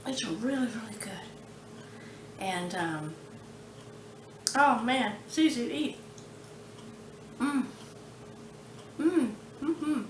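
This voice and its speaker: Casual cooking-vlog chat comes from a woman at home in her kitchen, her pitch fairly high. She hosts the channel in a warm, unhurried, homey way, with plenty of laughs, against an echoey room and slight background noise.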